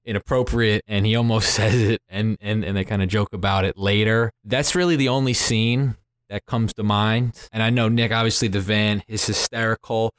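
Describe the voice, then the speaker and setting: A man who is a podcaster and movie critic, speaking in a measured, earnest way with frequent "uh" fillers. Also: lowish voice, steady tone, clear, resonant tone, dry recording, clean studio sound. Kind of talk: casual podcast discussion.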